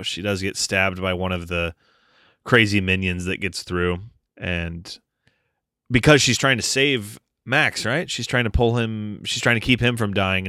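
Guy on a movie podcast, kinda low, bright edgy tone, swears a lot. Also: smooth, dry recording, clean studio sound. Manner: loose, profane, riffing. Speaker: podcast co-host. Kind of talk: casual movie-review chat.

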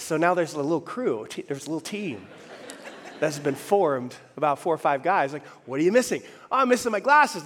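Animated pastor telling a story in a hall. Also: male voice, on the high side. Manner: animated, conversational, asks the audience questions. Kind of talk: storytelling sermon. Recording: reverberant hall.

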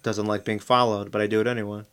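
A man's voice: lowish voice, little pitch movement, fast talker, a bit bright, smooth. A man co-hosting a podcast, talking in casual chat with sarcastic, profane, mock-outraged jabs. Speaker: podcast co-host.

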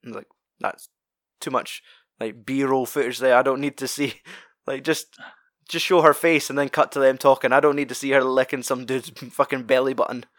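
A man's voice: medium pitch, steady tone, normal speed, a bit bright, no echo, studio quality. Sweary man chatting casually. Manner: sweary, rambling, laughs often. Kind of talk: casual film discussion.

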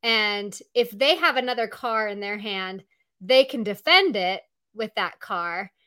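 A woman's voice: medium pitch, expressive, measured pace, pushed and bright, clear, resonant tone. A woman hosting a live show on a video call, chatting casually and filling her talk with "like" and "um". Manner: chatty, full of "like" and "um". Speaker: podcast host.

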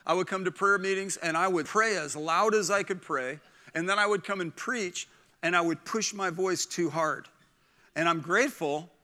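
A middle-aged man preaching a sermon as pastor, animated and acting out the voices of people in his stories. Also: high-pitched, moderate pace.

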